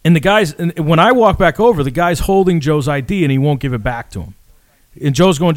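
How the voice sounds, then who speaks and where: This man, a podcast co-host, sounds on the high side and talks fairly quickly while telling a story in casual chat, with no room sound. He swears without restraint and animatedly acts out quotes from the people involved.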